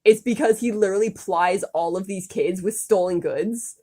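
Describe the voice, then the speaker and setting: A woman's voice: medium pitch, moderate pace, warm tone. A woman co-hosting a comedy podcast, reading aloud from a story she wrote and commenting on it with exasperated amusement. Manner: reads her old writing aloud, then reacts with exasperated laughter. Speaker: podcast co-host.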